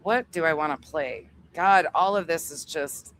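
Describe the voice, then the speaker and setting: Her voice sits low with a fairly bright tone as she runs a livestream and thanks her members. She's chatty and profane, quick to laugh throughout.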